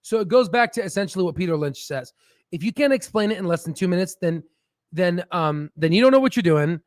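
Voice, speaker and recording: Man hosting stock livestream, high voice, dry close sound, animated, stammers. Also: a little fast, dry recording. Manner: animated, swearing, stammering restarts. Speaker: stock market livestream host. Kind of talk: casual livestream talk.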